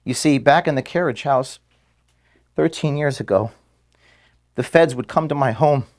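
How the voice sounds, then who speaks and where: Emotional man giving a solemn statement. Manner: earnest, voice dropping low and quiet when moved. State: emotional, near tears. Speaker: organization founder addressing staff. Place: office.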